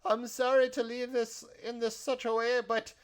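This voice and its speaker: Brief: a man putting on a sweet, fussing male cook in a tabletop game, high and coddling, calls everyone dear. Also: flat delivery, moderate pace, smooth. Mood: doting. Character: kindly fussy male cook, doting and warm.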